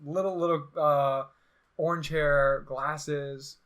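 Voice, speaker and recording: Animated young man telling a story. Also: a little high, takes it slowly, clean tone. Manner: animated, acts out quotes with sarcasm. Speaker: podcast host. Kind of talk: casual storytelling chat.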